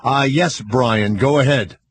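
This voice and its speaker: Brash, crude-joking talk radio host. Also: male voice, mid-range voice, slow pace, slightly rough, dry recording. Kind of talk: casual talk radio chat with callers.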